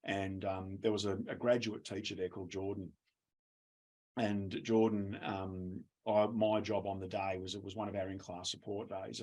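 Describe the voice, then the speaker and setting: A low-pitched Australian man with a husky edge to his voice, giving an education webinar over a video call. He tells stories in an easygoing, chatty way and laughs now and then. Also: darkish tone. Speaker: education presenter. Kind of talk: webinar talk with storytelling.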